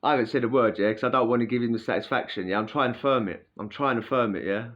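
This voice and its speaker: A man's voice: medium pitch, fast talker, muffled recording. A man telling a story in a chatty, slangy way, often checking in with "yeah?". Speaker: former prisoner telling a story. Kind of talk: casual storytelling.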